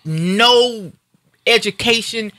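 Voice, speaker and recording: Fired up woman radio host going off, punchy and defiant, bright tone, dry sound. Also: on the high side, extremely slow, no echo. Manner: angry, emphatic and defiant. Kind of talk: heated talk radio rant.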